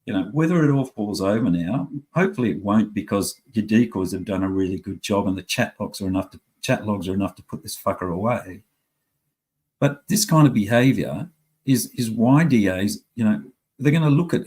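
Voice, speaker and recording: A man's voice: fairly low pitch, brisk, a little mellow, husky. A middle-aged man, ranting angrily in a profane, rambling monologue.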